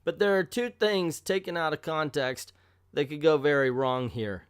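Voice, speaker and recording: A man's voice: on the high side, moderate pace, clean tone, no room sound, clean studio sound. A man casually reviewing an old comic book, joking irreverently and reading captions aloud.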